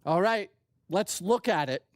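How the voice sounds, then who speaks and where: Animated, swearing male streamer. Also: high-pitched, measured pace, dry recording, studio quality, faint music behind. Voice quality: animated, profane, joking. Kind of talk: casual live-stream chat.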